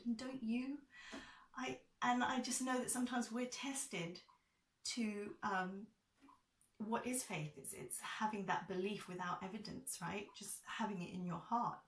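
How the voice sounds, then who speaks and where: A woman's voice: lowish voice, fairly bright tone, slight background noise. A woman reading angel cards, talking in an earnest, confiding vlog manner. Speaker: angel card reader. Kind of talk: casual heartfelt vlog talk. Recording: echoey room, far from mic.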